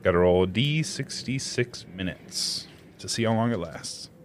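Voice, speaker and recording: A playful man at a tabletop game hams it up. He talks slowly in a mid-pitched voice with wide swings. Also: animated, slight background noise. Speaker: player. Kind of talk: casual tabletop play.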